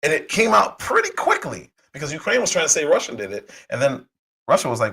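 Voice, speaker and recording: A man hosting a political commentary livestream, hoarse from a cold, talking heatedly with rhetorical questions and frequent restarts. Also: a little high, huge pitch swings, fast, sharp tone, low-quality recording. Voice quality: husky. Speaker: livestream host.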